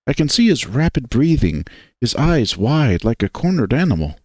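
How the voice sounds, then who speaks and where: A man reading a visual novel aloud in first-person narration, unhurried and expressive. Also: mid-range voice, dry recording.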